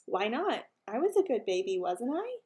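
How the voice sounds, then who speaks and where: A cheeky little preschool show-off, as a woman reading a storybook puts him on. He talks in a playful singsong, pitched high and swinging up and down a lot. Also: very animated, normal speed, warm tone.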